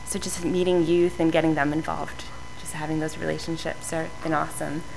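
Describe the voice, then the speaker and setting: A woman's voice: sits low, little pitch movement, brisk, vocal fry, a little mellow, slight background noise, low-quality recording. A woman sharing a chatty, enthusiastic testimony in front of her church. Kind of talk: casual testimony.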